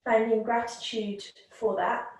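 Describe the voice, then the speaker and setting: A woman teaching a yoga class, guiding the breath in a calm, gentle, unhurried way. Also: a little high. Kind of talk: guided yoga and breathing instruction. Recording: very echoey room, voice from a distance.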